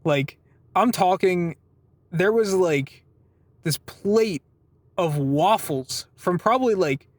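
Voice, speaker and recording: A man's voice: high-pitched, animated, takes it slowly, long pauses, no room sound. A man giving a casual, rambling vlog update. He swears freely, laughs through his stories and keeps wandering off topic. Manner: wandering, self-interrupting storytelling. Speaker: vlogger.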